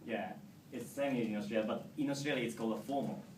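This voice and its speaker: A young Japanese man, a returning exchange student, gives an informal presentation in English with a Japanese accent, his mid-range voice quick yet hesitant, full of fillers and restarts. He's recorded from a distance in a meeting hall, so the audio is echoey and noisy.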